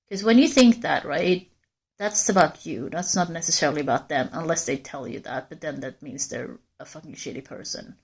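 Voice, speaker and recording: A woman chats on a live stream in a low-pitched voice, answering viewers by name. She rambles candidly, circling back and restarting her thoughts. She is out walking in a forest as she talks. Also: normal speed. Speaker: livestreamer. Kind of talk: casual live-stream chat.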